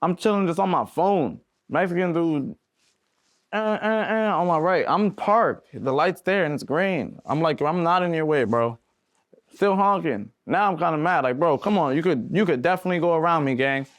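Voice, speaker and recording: With a voice on the high side and a normal pace, a young man who plays music spins laid-back, slang-filled anecdotes as a podcast guest. He's animated and performs voices for the characters, and there's no echo on the track.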